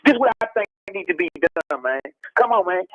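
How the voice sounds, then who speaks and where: A man's voice: high voice, huge pitch swings, fairly quick, creaky, no room sound. A man, calling in to a radio show over the phone and lecturing emphatically, repeating his points. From Texas. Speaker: rapper on a radio call-in. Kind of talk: heated radio phone interview. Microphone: telephone. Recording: muffled phone-line audio.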